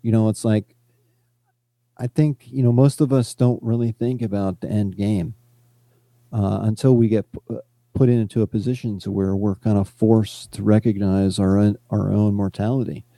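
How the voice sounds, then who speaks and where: A man's voice: on the low side, fairly even intonation, moderate pace, warm tone, no echo. A man co-hosting a podcast, talking in a casual, reflective way with many "you know" fillers. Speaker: podcast co-host.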